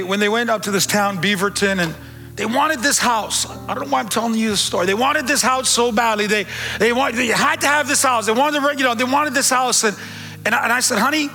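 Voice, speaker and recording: A middle-aged man preaching a sermon in church as pastor, joking and animated, with bits of street slang. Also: very high voice, fairly quick, long reverb tail, soft background music.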